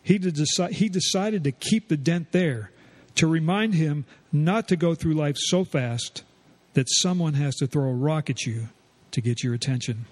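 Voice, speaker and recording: A man co-hosting a home improvement radio show, who tells local stories in a folksy, measured way. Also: on the high side, a little mellow. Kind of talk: radio storytelling and chat.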